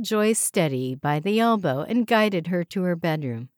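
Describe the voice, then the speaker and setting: Calm, low-voiced woman narrator. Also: no echo, clean studio sound. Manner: calm, measured. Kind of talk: audiobook story narration.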